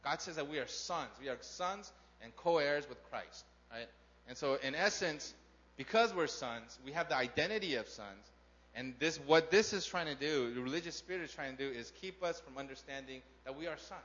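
A man's voice: fairly high pitch, fairly bright tone, highs cut off. A man preaching a sermon to his congregation, talking casually and often asking the crowd questions. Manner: conversational, asks the crowd questions. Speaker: pastor. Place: church in Korea.

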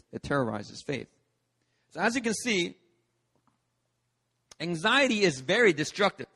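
A man's voice: a little high, fairly bright tone. A man, a pastor, preaching a sermon in an emphatic, storytelling manner at a church service. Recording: long reverb of a church hall.

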